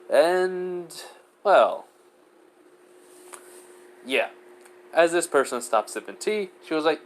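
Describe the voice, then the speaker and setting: A man's voice: fairly high pitch, expressive, slow pace, pauses often. A man narrating an improvised fan story in a rambling way, full of fillers.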